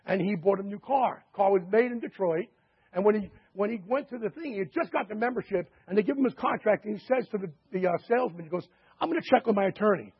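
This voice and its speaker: A man pitching a membership through chatty anecdotes full of quoted dialogue and fillers, in a dull lo-fi recording. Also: fast, breathy edge. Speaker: sales presenter. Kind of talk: sales pitch storytelling.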